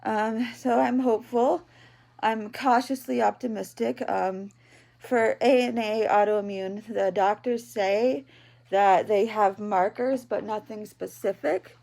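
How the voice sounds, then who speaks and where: A woman in her thirties records a personal video diary at home in bed. Her voice is gravelly with vocal fry, and she speaks slowly, haltingly and tearfully, with frequent ums and pauses. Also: a little high, fairly even intonation, a little mellow. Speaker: vlogger, patient.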